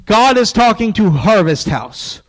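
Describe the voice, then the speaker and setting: A man preaching a sermon in a folksy, joking way, dropping into quiet asides. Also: sits high, sing-song, a little slow, poor audio.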